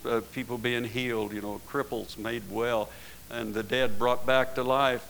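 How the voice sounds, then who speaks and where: A man's voice: lowish voice, steady tone, measured pace, creaky, a bit bright, a little hiss or hum, poor audio. A man preaching a sermon in a folksy way, often ending his points with tag questions and rising into emphatic bursts.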